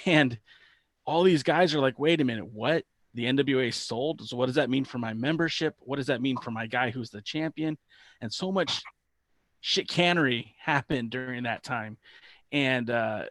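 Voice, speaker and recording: A man's voice: medium pitch, a bit bright, no echo, studio quality. A man on a podcast explaining background in casual chat, with restarts and trailing asides.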